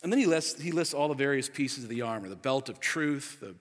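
A man in his forties preaching a sermon as pastor, energetic and chatty, laughing often and full of filler words. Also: medium pitch, a little fast. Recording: long reverb of a large hall.

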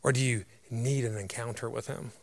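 A man delivers a sermon in a loud, grumbly voice with a gravelly edge. He speaks directly and emphatically to the congregation. He keeps asking rhetorical questions and answers them himself. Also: medium pitch, steady tone, moderate pace. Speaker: pastor.

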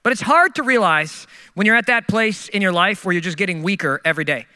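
Animated middle-aged preacher in a hall. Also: male voice, high voice, fast talker, smooth. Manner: storytelling, self-mocking, animated. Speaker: pastor. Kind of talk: sermon.

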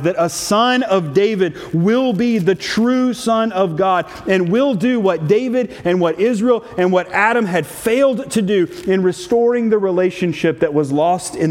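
A man preaching a sermon, reading scripture in a measured, solemn way and stressing key phrases. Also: sits high. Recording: long hall reverb.

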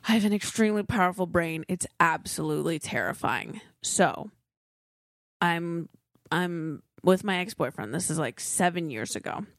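Gravelly low-voiced woman telling stories. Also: lively intonation, moderate pace, no room sound, studio quality. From California. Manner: chatty, wry storyteller. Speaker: podcast co-host. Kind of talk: casual chat.

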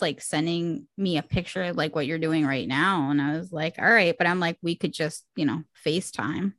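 A woman co-hosting a podcast, telling stories in lively casual chat with plenty of fillers. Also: fairly low pitch, dry recording. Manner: animated storyteller, many fillers. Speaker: podcast co-host.

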